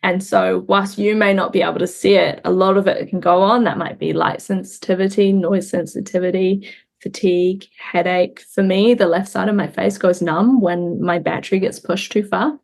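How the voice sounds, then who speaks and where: Young woman guest, earnest and reflective, measured conversational delivery. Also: medium pitch, steady tone, vocal fry, a little mellow. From New Zealand. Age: young adult. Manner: reflective, earnest, pauses and restarts while recounting. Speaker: interview guest. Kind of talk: candid conversational interview.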